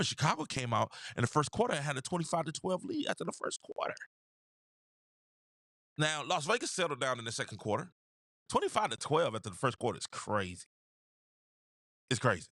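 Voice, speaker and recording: Lively high-voiced man with animated commentary. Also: dry recording, clean studio sound. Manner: animated, repeats phrases, talks straight to viewers. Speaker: host of a sports talk show. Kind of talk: casual basketball commentary.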